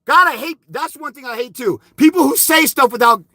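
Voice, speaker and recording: A man's voice: extremely high pitch, animated, brisk, sharp tone, no echo, clean studio sound. A man ranting on a livestream, heated and profane, scolding his critics. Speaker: fathers' rights advocate streaming live. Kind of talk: angry livestream rant.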